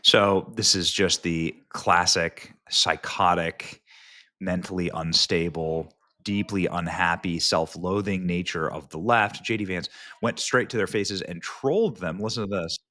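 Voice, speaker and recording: Deep-voiced man doing mocking commentary. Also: steady tone, measured pace, background noise. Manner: mocking, emphatic. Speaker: political commentary host. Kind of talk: commentary over clips.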